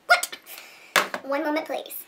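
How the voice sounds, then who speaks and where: A woman's voice: slow, recorded from a distance, heavy background noise. A woman beauty vlogger chatting casually through a makeup tutorial, rambling and giggling as she talks to her viewers.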